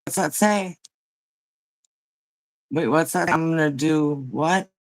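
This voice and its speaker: Just-woke-up lady chatting on her livestream, slow and rambly, saying hi to everyone. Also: sits low. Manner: chatty, greets viewers by name, rambling with fillers. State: just woken up. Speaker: livestream host. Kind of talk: casual livestream chat.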